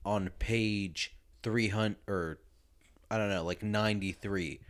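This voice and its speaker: Very deep-voiced laid-back woman. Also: steady tone, takes it slowly, no echo. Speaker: podcast co-host. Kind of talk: casual podcast chat.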